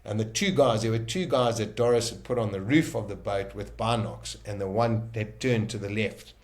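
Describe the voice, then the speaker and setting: A South African man, a podcast guest, vividly retelling a dramatic survival story in the first person, emphatic and quick to restart his sentences. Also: fairly low pitch, darkish tone, slight background noise.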